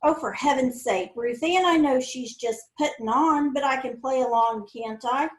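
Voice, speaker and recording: A woman doing an excitable high young girl. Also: normal speed, lightly acted. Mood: eager. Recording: roomy echo.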